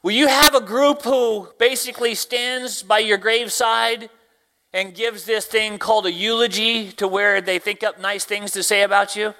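A man preaching a sermon, a deacon and Sunday school teacher who quotes scripture slowly and swings from hushed lines to loud exclamations. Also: high voice, fairly even intonation. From Tennessee, US. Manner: quotes scripture in slow, drawn-out phrasing.

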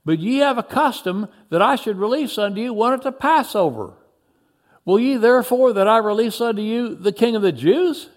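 A stern Roman governor, put on by a man reading aloud, pressing his questions in slow, archaic phrasing with a raised voice. His tone swings widely, rising and falling. It sounds like a dramatized scripture reading. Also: high voice, very animated, a bit bright, exaggerated voice. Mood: questioning. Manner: archaic formal speech, slow and emphatic.

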